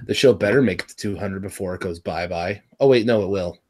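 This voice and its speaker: A man hosting a casual review chat, rambling and excitable, swearing often and restarting his sentences. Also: sits low, a little fast. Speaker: podcast host reviewing cartoon episodes.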